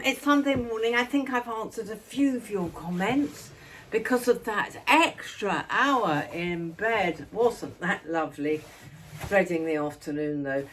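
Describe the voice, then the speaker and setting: A woman's voice: fairly high pitch, slight background noise. An older woman from England chatting casually to her phone camera, rambling and affectionate, walking about outdoors and at home. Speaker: vlogger.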